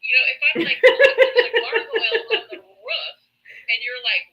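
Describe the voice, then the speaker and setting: A woman's voice: high-pitched, sing-song, normal speed, dull audio. A woman joining a live talk stream over remote audio, joking and telling playful stories. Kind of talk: casual live-stream chat.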